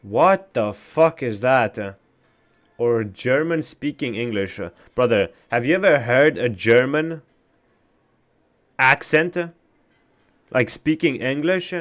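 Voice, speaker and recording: A male streamer talks in an unhurried, drawn-out way while he reacts to game updates and chat messages. He swears freely and gets loud when something surprises him, with a voice of ordinary pitch for a man. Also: animated. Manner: profane, reacts loudly to chat. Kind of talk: casual gaming stream chat.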